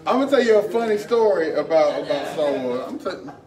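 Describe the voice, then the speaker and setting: A man's voice: fairly high pitch, very animated, a little fast. A man hosting a podcast live at a bar, telling profane stories with lots of laughter. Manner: loud laughing, storytelling, profane. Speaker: podcast host. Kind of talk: raunchy casual chat. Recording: far from mic, crowd noise.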